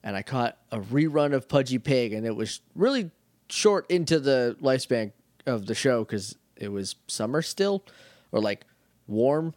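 Young man, podcast co-host, playful, laughs a lot, middle pitch, dry close sound. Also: lively intonation, a little slow, darkish tone, no echo. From New Hampshire, US. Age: 20s. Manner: jokey, laughs often, reads listener mail aloud. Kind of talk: casual chat.

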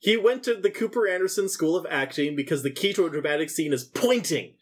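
Guest guy on a podcast, kinda husky voice, cracks dry jokes. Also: a little high, lively intonation, quick pace. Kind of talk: casual chat.

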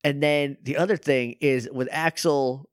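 A man's voice: mid-range voice, steady tone, measured pace, smooth, no echo. Wry man with a dry podcast sound. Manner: wry, laughing reactions and puzzled questions. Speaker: podcast co-host. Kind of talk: casual chat.

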